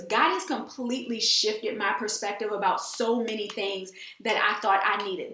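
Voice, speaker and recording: A woman with a mid-range, bright voice and a forceful tone hosts a casual faith talk. She sounds teary, speaking earnestly and emphatically and often repeating phrases, in an echoey room.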